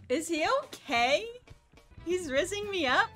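High bright-voiced girl streamer, giggly and rambly, music in the back. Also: animated, normal speed. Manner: giggly, rambling, laughs often. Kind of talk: casual livestream chatter.

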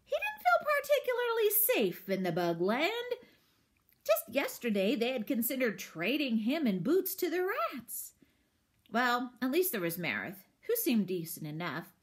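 A woman, a teacher, reading a children's book aloud with expressive storytelling. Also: medium pitch, slightly rough.

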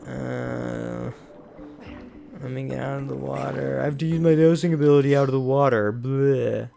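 A man's voice: medium pitch, fairly even intonation, normal speed, gravelly, mellow, faint music behind. A man giving casual gameplay commentary as a let's play host, grumbling and exasperated, with mild minced oaths.

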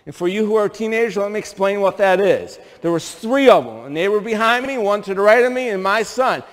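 The voice is high, animated and brisk: a middle-aged man from upstate New York preaching as a pastor. In a church sanctuary ringing with long hall reverb, he tells stories and peppers the congregation with rhetorical questions.

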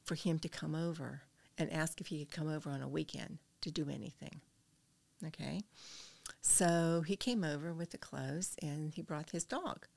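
An older woman with a low, gravelly voice tells her story earnestly as a podcast guest. She sometimes drops to a near whisper. The sound is close and dry, with no room around it. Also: normal speed, a little mellow, no room sound. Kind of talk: personal storytelling in an interview.

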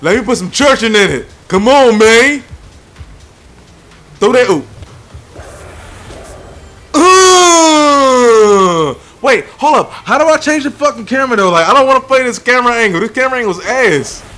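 High-pitched, animated young male gamer. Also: brisk. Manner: loud, profane trash talk at teammates. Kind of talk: live gameplay commentary.

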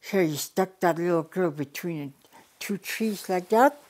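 Older woman, low-pitched, from the Yukon, oral storyteller, unhurried with frequent restarts. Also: a little mellow. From Yukon, Canada. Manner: unhurried, restarts and repeats words, plain direct phrasing. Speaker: elder storyteller.

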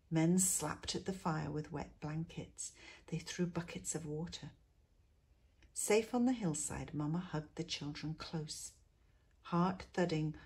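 A woman reads a children's picture book aloud, taking her time over every phrase. Her low, slightly husky voice turns hushed and soft in the quiet passages. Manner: expressive, drops to a hush in quiet moments. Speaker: teacher reading to pupils. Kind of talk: storybook read-aloud.

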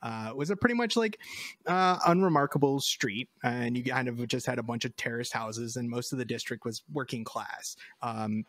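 A man's voice: medium pitch, normal speed, a bit bright, dry recording. A male podcast host casually recounting a paranormal case, rambling with many fillers.

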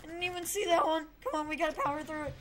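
A woman hosting a gaming channel, giving casual, excitable commentary while she plays, often pleading and shouting at the game. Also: high voice, racing, background noise. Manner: excitable, frequent exclamations and pleading.

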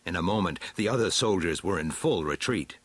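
A man reading a storybook aloud with a slow, dramatic, swooping delivery. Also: deep voice, expressive, husky, no room sound. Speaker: narrator.

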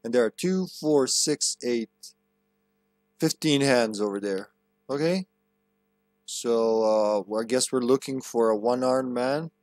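A man's voice: medium pitch, takes it slowly, a little mellow, no echo. A man streaming a game, casually commentating, cracking jokes, swearing, and reading the on-screen text aloud.

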